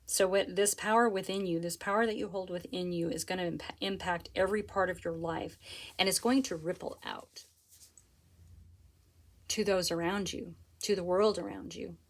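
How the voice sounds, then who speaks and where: A woman with a lowish voice reads tarot cards for her viewers. She is earnest and eager, gets carried away, and breaks off to find a better word. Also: moderate pace. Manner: earnest and excitable, often stops to rephrase. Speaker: tarot reader. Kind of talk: pick-a-card tarot reading to camera.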